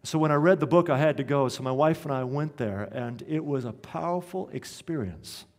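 A man's voice: fairly high pitch, normal speed. A male pastor preaching a sermon in a church, telling a story and building to rhetorical questions. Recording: echoey church hall.

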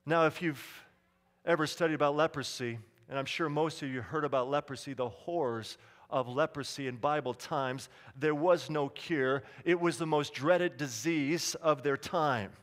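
High-voiced man preaching in a reverberant hall. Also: normal speed. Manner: dramatic preaching, swinging between hushed and loud calls. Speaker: pastor. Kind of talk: sermon. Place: church sanctuary.

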